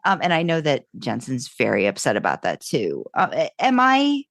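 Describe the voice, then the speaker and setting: A woman co-hosts a fan podcast, chatting casually and rambling through her thoughts with an upbeat energy and frequent restarts. Her low-pitched voice swings hugely in pitch at a moderate pace. The recording is studio quality with no room sound.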